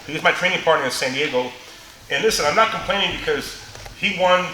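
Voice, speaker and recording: A middle-aged man leads a martial arts seminar in a large, echoey training gym, demonstrating moves and telling jokey stories between them while laughing often. His voice sits on the high side and comes out fast, pushed and bright. The recording carries the gym's echo, faint ambience and slight background noise.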